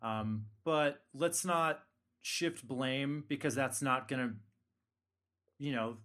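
A man's voice: mid-range voice, slow, fairly bright tone. A man hosting a casual podcast chat, joking with co-hosts and giving frank, tough-love advice. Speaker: podcast host.

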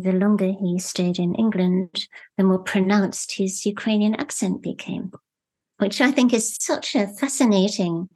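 A middle-aged woman novelist being interviewed, speaking in a thoughtful, measured way and pausing to search for words. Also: medium pitch, a little mellow. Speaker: novelist guest. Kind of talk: reflective interview talk.

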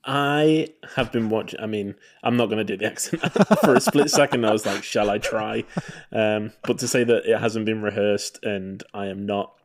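A man's voice: fairly low pitch, moderate pace, few pauses. Rambling man co-hosting with many ums. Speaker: podcast co-host. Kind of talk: casual podcast chat.

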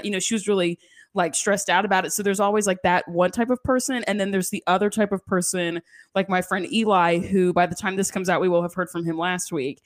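A woman's voice: lowish voice, steady tone, fairly quick. A woman hosting a podcast in casual chat, chatty and giggly with lots of filler words. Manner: chatty, giggly, lots of likes and you-knows. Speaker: podcast host.

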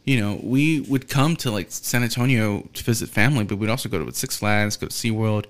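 A man's voice: lowish voice, a little fast. A man hosting a podcast, rambling casually with frequent swearing, fillers and restarts. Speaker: podcast host.

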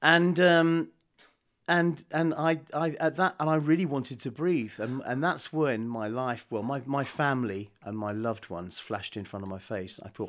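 An older man and musician guest, telling lively anecdotes in casual chat. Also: mid-range voice, a little slow. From England. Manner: lively storyteller, chuckles often.

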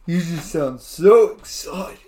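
A man's voice: fairly high pitch, slow pace, mellow. A man co-hosting a casual sports talk show, chiming in with short, laid-back quips. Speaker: co-host.

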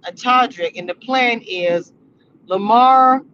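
A woman hosting a casual livestream about a reality show, talking in animated slang and laughing often. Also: on the high side, takes it slowly, slight background noise. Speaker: entertainment reality-show review host. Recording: slightly muffled livestream audio.

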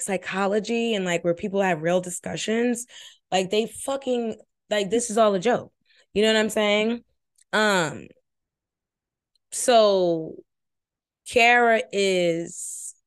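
A woman's voice: mid-range voice, smooth, dry recording, clean studio sound. A woman hosting a podcast, giving casual, rambling commentary on a reality show with lots of swearing. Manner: rambling, profane, chatty. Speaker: former nursing and medicine worker.

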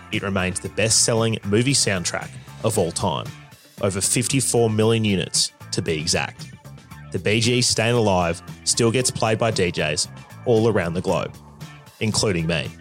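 A man giving scripted documentary narration in a wry, matter-of-fact way. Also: fairly low pitch.

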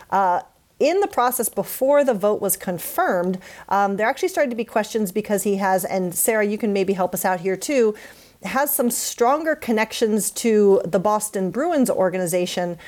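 A woman hosts a relaxed sports talk show, moving through the news with a playful, punning manner. She teases her co-hosts and pokes fun at her own jokes. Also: mid-range voice. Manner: joking, self-deprecating, punning. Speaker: podcast host. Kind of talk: casual sports chat.

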